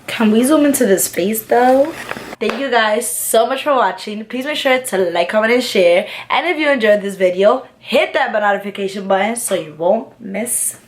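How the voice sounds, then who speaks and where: A woman's voice: fairly high pitch, moderate pace. A young woman tells a storytime to her camera while she does her makeup. Her talk is candid, profane and thick with slang and fillers. It stays a casual, confiding chat. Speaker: vlogger.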